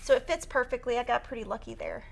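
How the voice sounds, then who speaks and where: A woman's voice: on the high side, wildly swooping pitch, fast talker, vocal fry, a little hiss or hum. A woman teaching a quilting tutorial on a live stream, chatty and upbeat as she talks through cutting fabric. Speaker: quilting instructor.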